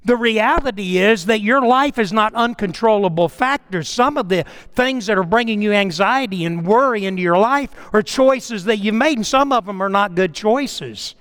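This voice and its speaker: A middle-aged man preaching a sermon in an animated way, calling on listeners by name and often repeating himself. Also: high voice, normal speed, hardly any pauses, clean tone. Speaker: pastor.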